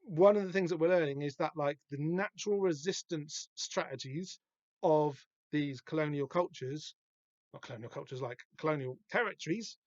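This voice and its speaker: A man hosting a podcast, talking through a comic book in a rambling, halting way with lots of fillers and restarts. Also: a little high, a little mellow, no room sound. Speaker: podcast host. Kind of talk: casual comic book discussion. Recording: dull, dry lo-fi podcast recording.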